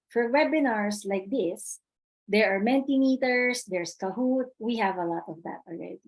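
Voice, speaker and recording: A woman's voice: medium pitch, low-quality recording. Woman teaching a webinar on a computer mic, chatty, keeps repeating the main point. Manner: chatty, repeats key points, reads chat aloud. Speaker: webinar presenter. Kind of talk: live webinar talk.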